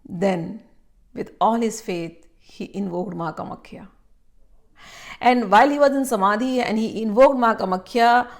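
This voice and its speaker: A woman from India telling a spiritual story aloud, halting with fillers and restarts, then more animated in the dramatic parts. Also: mid-range voice. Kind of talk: spoken storytelling.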